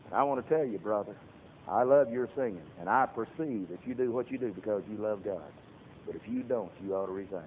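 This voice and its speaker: A man preaching a sermon as a pastor, swinging from hushed talk to loud shouted peaks. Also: on the low side, brisk, slight background noise. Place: church sanctuary. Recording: tinny lo-fi sermon recording in reverberant hall.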